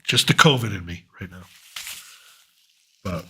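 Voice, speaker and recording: A man's voice: deep voice, animated, unhurried, bright, forceful tone, husky. A middle-aged man hosting a pop culture commentary show, ranting sarcastically and swearing freely. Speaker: host.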